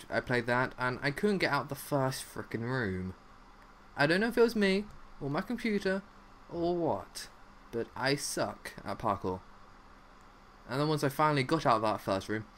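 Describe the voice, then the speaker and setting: A man's voice: medium pitch, a bit bright, a little hiss or hum. A young man giving rambling, silly live commentary while playing a zombie game, hopping from one odd topic to the next. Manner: rambling, silly, jumps between topics, lots of "like". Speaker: gaming commentator.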